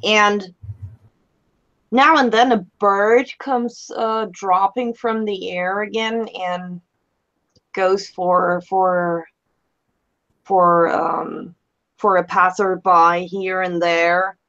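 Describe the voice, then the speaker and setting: Woman playing a tabletop rpg, dreamy and hesitant, real slow, muffled audio. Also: medium pitch, fairly even intonation, a bit bright. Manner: halting, dreamy, many restarts. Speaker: player. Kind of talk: tabletop role-play.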